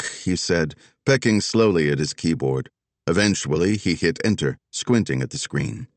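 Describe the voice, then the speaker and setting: A male narrator reading a thriller in steady, descriptive scripted narration. His voice is very deep but moves expressively in pitch. The recording is dry and close. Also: normal speed, dry recording. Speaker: audiobook narrator.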